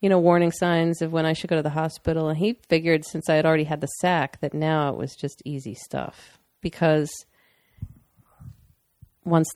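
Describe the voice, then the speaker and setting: A woman's voice: deep voice, level tone, normal speed, a little mellow, no room sound, studio quality. A young woman talking casually and candidly with her partner, rambling a bit and laughing often. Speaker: partner sharing a personal story. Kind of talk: casual conversation.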